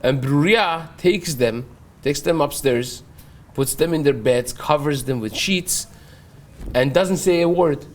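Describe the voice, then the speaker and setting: Rabbi, animated storyteller, fairly high voice, online class. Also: male voice, slow. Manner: animated storyteller, acts out dialogue, frequent restarts. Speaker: rabbi teaching daily Talmud class. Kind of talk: Talmud lesson with storytelling.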